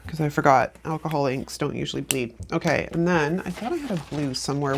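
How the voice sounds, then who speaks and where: A woman's voice: sits low, animated, fast talker, vocal fry, few pauses, slight background noise. A woman hosting a planner channel, talking through a craft tutorial in a chatty, rambling, self-deprecating way. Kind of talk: casual craft tutorial chat.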